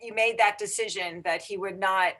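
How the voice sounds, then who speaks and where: A woman's voice: medium pitch, steady tone, normal speed, sharp tone. A woman interviewing a guest, hesitant and searching for her words. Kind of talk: casual interview questions.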